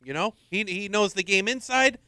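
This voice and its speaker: A man's voice: high voice, moderate pace, pushed and bright. A man hamming up a brash Boston sports fan. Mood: swaggering. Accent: put-on Boston. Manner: gruff, snaps back at teasing. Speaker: co-host.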